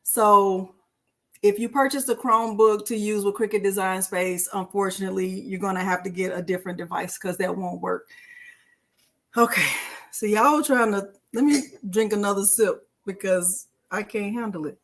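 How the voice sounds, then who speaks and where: A middle-aged woman, hosting a casual live-stream crafting tutorial and talking to viewers in a chatty, warm-hearted way. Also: medium pitch, steady tone, normal speed. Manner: chatty and emotional, addresses viewers as y'all.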